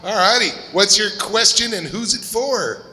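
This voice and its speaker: A man moderating a convention panel in a brisk, wry, directive way. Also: high voice, lively intonation, sharp tone. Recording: echoey convention hall.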